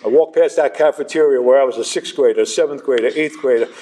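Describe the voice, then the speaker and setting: A man's voice: mid-range voice, fast, mellow. A middle-aged man sharing his recovery story with a live audience, conversational and self-deprecating.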